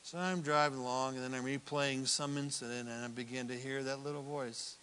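A pastor preaching in a conversational, playful way that rises to emphatic bursts. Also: male voice, medium pitch, steady tone, brisk, fairly bright tone, big-room sound, a little hiss or hum. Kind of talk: sermon.

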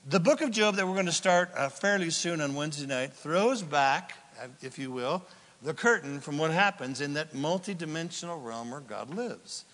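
A man preaching a sermon in a conversational, animated way, now and then acting out little voices. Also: fairly high pitch, normal speed, long reverb tail. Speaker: pastor.

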